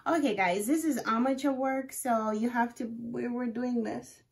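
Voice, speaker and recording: A woman's voice: on the high side, normal speed. A young woman vlogging to viewers and talking herself through a wig install, exclaiming and narrating each step, recorded on a phone camera. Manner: excitable, exclaiming, narrating her own actions to viewers. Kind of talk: casual self-talk while doing a wig install.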